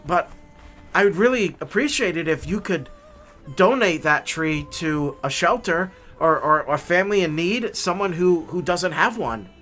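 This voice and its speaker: Dude putting on a nervous dad, stammers, begs, voice jumps up high. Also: male voice, expressive, measured pace, a bit bright, faint music behind. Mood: grateful. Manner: stammering, pleading. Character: flustered, apologetic family father.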